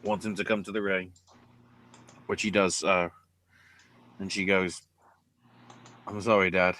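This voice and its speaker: Slow, low-voiced profane podcast host. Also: male voice, little pitch movement, pushed and bright. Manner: profane, sarcastic, unhurried drawl. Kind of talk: casual wrestling recap chat.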